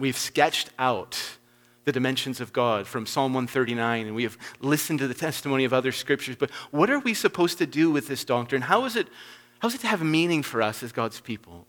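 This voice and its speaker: A man preaching a sermon, emphatic, swinging between loud stressed points and soft low asides. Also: in a large hall.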